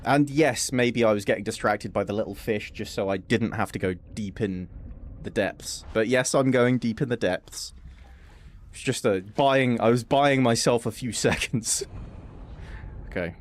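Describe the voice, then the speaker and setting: A man's voice: on the low side, unhurried, slight background noise. A man chatting, swearing and laughing as he streams himself playing a game. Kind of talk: live gameplay commentary.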